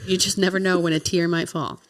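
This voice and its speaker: A young woman with a somewhat low voice co-hosts a relaxed podcast. She jokes at her own expense and often laughs mid-sentence. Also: brisk. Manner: joking, self-teasing, laughs while talking. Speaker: podcast co-host. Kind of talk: casual chat.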